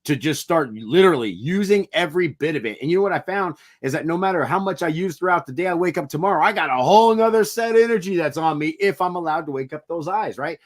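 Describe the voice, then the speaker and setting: A man's voice: a little high, expressive, quick pace, few pauses. A man co-hosting a podcast, talking in an earnest, reflective way with some mild swearing in a casual motivational chat. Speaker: podcast co-host.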